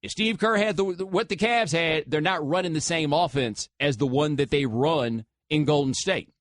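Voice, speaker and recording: A man's voice: on the high side, moderate pace, no room sound, clean studio sound. A man hosting a sports talk radio show, taking callers in a casual, slangy way. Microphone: studio microphone.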